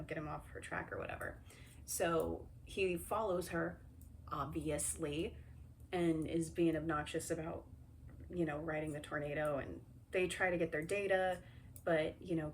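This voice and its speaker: A woman's voice: on the low side, normal speed, a little hiss or hum. Chatty young woman recapping a movie. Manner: chatty, sarcastic, lots of fillers. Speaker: movie reviewer.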